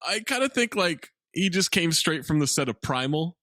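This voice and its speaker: A man's voice: on the high side, very animated, moderate pace, bright, forceful tone, dry recording, studio quality. A man co-hosting a comedy podcast, wryly recapping a film and laughing often. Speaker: podcast co-host.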